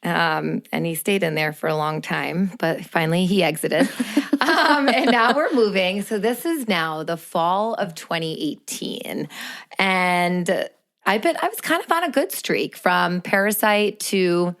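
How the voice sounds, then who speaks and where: A woman's voice: lowish voice, animated, a little slow, vocal fry, fairly bright tone. A woman in her thirties, a podcast co-host telling her own story in casual chat, candid and laughing often.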